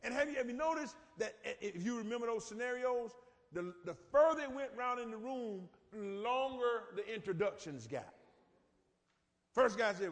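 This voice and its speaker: A man's voice: very high voice, animated, moderate pace. A middle-aged male pastor giving a folksy, informal sermon with dialect and call-and-response. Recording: echoey church hall reverb.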